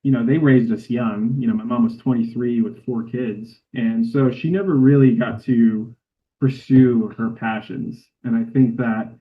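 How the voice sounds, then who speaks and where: A man's voice: mid-range voice, fairly even intonation, unhurried. A man, a cinematographer guest, telling a heartfelt story in a casual interview. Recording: tinny phone-like line.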